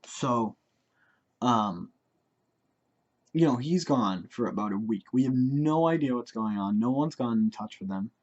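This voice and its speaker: A man's voice: medium pitch, expressive, a little slow, long pauses, darkish tone. Rambling teen guy, dull lo-fi mic. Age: teens. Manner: rambling, filler-heavy. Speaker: vlogger. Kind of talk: casual storytelling.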